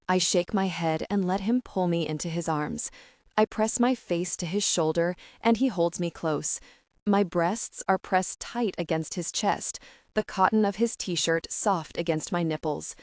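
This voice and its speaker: A woman narrating a first-person romance audiobook in a steady, even reading voice. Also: on the low side, measured pace, dry recording, studio quality.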